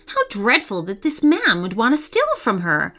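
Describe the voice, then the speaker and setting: Expressive woman reading a children's story. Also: fairly high pitch. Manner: expressive, dramatic pauses. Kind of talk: scripted story narration.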